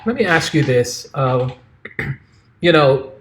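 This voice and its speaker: A man hosts the interview in a voice a little higher than most men's. He asks long questions that wind around and restart as he works toward his point. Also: animated, takes it slowly, a bit bright. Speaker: host.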